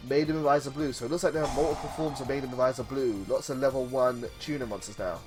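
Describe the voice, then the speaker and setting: An excitable man doing casual live-stream commentary over a card game, his voice sitting in an ordinary middle pitch. He chats loosely and reads card text out loud, breaking in with eager reactions. Soft music plays faintly in the background. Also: fast talker.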